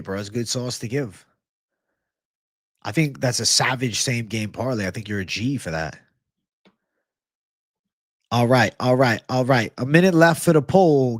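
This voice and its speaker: A man's voice: medium pitch, dry recording, clean studio sound. A man hosting a live stream with betting picks, talking casually with lots of swearing and hype, reacting to the chat. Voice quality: profane, hyped, chatty, reacts aloud to live chat. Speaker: livestream host giving betting picks.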